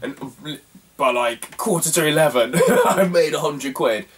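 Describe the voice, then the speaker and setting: A man's voice: a little high, unhurried, breathy edge, recorded from a distance. Chatty young man, rambling and laughing. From England. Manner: rambling, laughs often, lots of fillers. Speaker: retro game collector vlogger. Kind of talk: casual chat.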